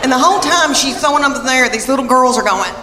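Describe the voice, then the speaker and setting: A woman's voice: high voice, lively intonation, fast talker, background noise. A middle-aged woman with a Southern US accent telling stand-up stories in a chatty, folksy way. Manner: chatty, drawling, folksy asides. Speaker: stand-up comedian. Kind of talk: stand-up comedy storytelling. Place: theater stage before a laughing audience. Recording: live hall echo with crowd laughter.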